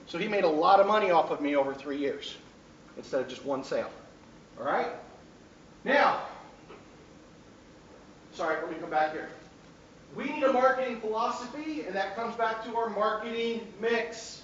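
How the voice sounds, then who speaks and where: A high-voiced man lectures a class with lively energy, now and then shouting out a hint. He sounds distant from the mic, in a roomy hall with a dull, lo-fi recording and faint noise behind him. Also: normal speed. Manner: animated, bursts into shouted hints.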